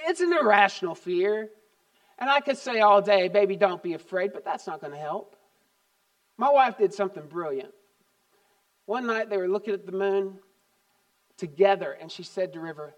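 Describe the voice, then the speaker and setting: A pastor and grandfather in his fifties delivers a sermon in a fairly high-pitched man's voice. He tells personal stories, leaning hard on key words and then falling to soft, low asides. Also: lively intonation, normal speed, pauses often. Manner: storytelling, dynamic swings from loud emphasis to quiet asides.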